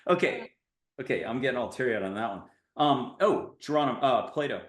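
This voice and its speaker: A man's voice: medium pitch, animated, fast, roomy sound. A man hosting an interview show in a casual, rambling way, cracking dad jokes. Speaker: podcast host. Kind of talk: casual video-call interview.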